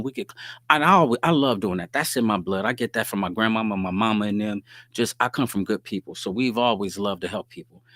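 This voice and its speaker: Low-voiced streetwise man, dry close sound. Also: a bit bright, no room sound. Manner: streetwise slang, storytelling, frequent "you dig what I'm saying". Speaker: host. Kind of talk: casual live-stream talk reading viewer comments.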